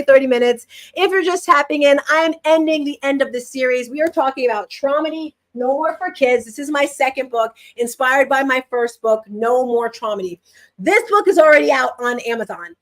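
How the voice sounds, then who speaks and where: A middle-aged woman, an author hosting a live-streamed workshop, talking in a chatty, animated way and asking and answering her own questions. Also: on the high side.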